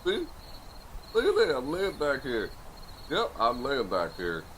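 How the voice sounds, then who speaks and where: A male streamer talks to his chat from his bed, rambling and repeating himself as his voice leaps wildly up and down. He drifts from quiet murmurs to sudden yells, heard through a microphone cranked all the way up, with a faint hiss underneath. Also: medium pitch, unhurried. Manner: rambling, repetitive, animated, often yelling to chat. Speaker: streamer reacting live. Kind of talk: casual live-stream chatter. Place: bedroom, lying on bed. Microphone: desk mic with gain turned all the way up.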